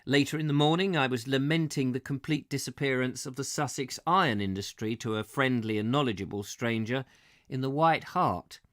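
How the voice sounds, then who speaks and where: Male live reader, mid-pitched, dry close voice, chatty asides. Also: moderate pace, fairly bright tone, no echo. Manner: chatty asides, self-correcting. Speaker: reader of a travel book. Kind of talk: live book reading.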